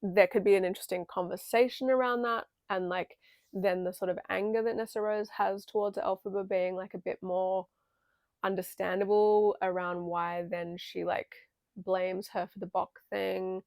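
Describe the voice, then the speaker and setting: A young woman giving a chatty, casual film analysis with a strong vocal fry. She talks loosely, with lots of fillers and offhand swearing. The recording is dry and close, with no room sound. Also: medium pitch, fairly even intonation, normal speed, a little mellow, dry recording. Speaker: video essay creator.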